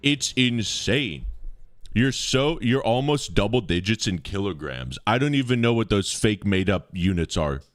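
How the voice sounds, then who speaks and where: Animated, joking man streaming live. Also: lowish voice, a little slow. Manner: animated, joking, bursts into exclamations. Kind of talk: casual live-stream chat with viewers. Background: faint music playing.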